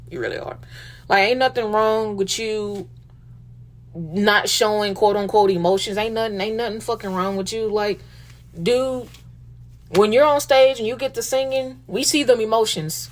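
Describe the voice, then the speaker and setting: A woman hosting a casual monologue, speaking emotionally and emphatically, repeating herself and swearing casually. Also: medium pitch. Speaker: host.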